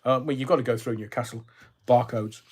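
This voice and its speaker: A man's voice: medium pitch, steady tone, a little fast, husky. An older man from Scotland, hosting a casual livestream, chatty and jokey, rambling with lots of fillers. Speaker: livestream host reading viewer comments. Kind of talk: casual chat.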